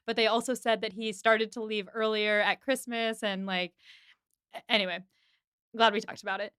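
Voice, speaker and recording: A woman's voice: medium pitch, normal speed, clean tone, no room sound, clean studio sound. A woman hosting a podcast, recapping an episode in casual chat and acting out the characters' lines. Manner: animated, acts out lines of dialogue.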